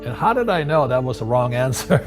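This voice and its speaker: A man in his seventies from Hawaii, a guest in an interview, telling animated stories with frequent restarts and repeated words. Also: medium pitch, a little fast. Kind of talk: storytelling conversation. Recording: music playing underneath.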